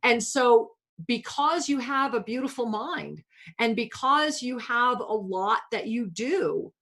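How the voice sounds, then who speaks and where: A woman's voice: on the high side, expressive, slow, fairly bright tone. A woman hosting a spiritual talk radio show, coaching a caller in a soothing, affectionate way and calling her pet names.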